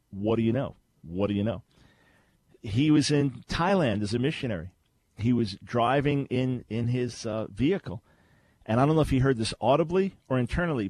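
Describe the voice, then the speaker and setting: A man hosting a call-in radio show, telling stories with lively emphasis and repeating key phrases. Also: medium pitch. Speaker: radio host.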